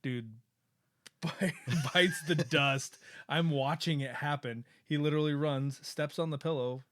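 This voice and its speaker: Male co-host, relaxed dad, casual anecdote, dry close sound. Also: fairly high pitch, measured pace, no room sound. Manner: relaxed storyteller, laughs often. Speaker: father. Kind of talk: casual chat.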